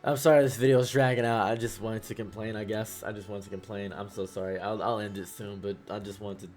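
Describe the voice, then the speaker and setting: A young man talking to camera in a halting, upset way, close to tears, repeating himself and trailing off. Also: on the low side, steady tone, darkish tone, faint music behind. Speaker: YouTuber. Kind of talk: emotional talk to camera.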